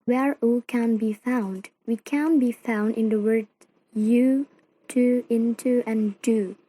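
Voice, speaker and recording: A young woman, a non-native speaker of English from Indonesia, slowly reads out a student presentation on phonetics, with grammar slips along the way. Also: on the high side, fairly even intonation, mellow, poor audio. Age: young adult. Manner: slow careful reading with non-native grammar.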